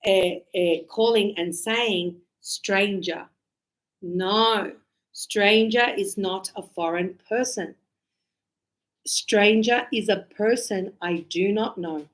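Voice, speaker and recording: A woman English teacher explaining casually to her class and acting out little quoted exchanges. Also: medium pitch. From Australia. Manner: animated, acts out short quoted exchanges.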